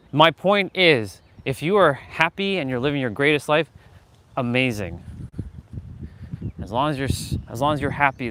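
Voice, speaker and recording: A man's voice: medium pitch, a bit bright, slight background noise. A man hosting a live motivational stream, talking to his chat in a fired-up, preachy way, swearing freely and calling out viewers by name. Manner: calls out chat viewers directly. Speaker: livestream host.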